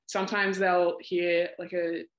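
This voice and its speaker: A woman's voice: fairly low pitch, little pitch movement, unhurried, muffled recording. Laughing young Australian woman. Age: young adult. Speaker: guest, college basketball player. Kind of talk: casual podcast interview.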